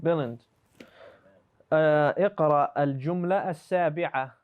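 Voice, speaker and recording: A man's voice: fairly high pitch, fast talker, clear, resonant tone, narrow, tinny audio. Patient male teacher quizzing his students. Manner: patient, questioning, switches between English and Arabic terms. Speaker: Arabic teacher. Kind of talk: live online class, correcting students.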